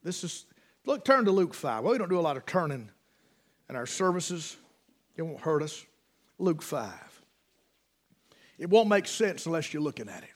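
High-voiced preacher. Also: male voice, animated. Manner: preaching that swings between loud urgent passages and quiet, low reading of scripture; slow, deliberate delivery with pauses, reading aloud from the King James Bible. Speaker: pastor. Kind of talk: sermon.

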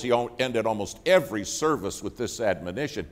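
A man preaching a sermon, telling a story with loud bursts and hushed asides. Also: mid-range voice, lively intonation, a little fast.

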